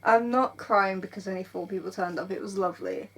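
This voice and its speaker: A woman's voice: mid-range voice, brisk, fairly bright tone. A woman, vlogging in a rambling, self-mocking way from an airbed in her bedroom. She is burnt out and tearful, and laughs often. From England. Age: 20s. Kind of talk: casual confessional vlog.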